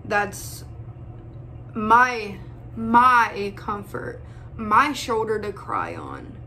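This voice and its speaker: A young woman speaking in an emotional personal vlog, close to tears, pausing often and calling her viewers y'all. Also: mid-range voice, very animated, pushed and bright, a little hiss or hum. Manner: tearful, holding back crying, pausing often. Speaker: vlogger.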